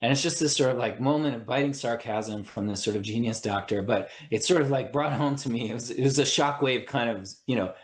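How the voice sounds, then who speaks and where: In a reverberant recording, a mid-range male voice moves fairly quickly with few pauses. This podcast guest, an attorney and mediator, earnestly walks through his ideas, often restarting and checking in with "right?"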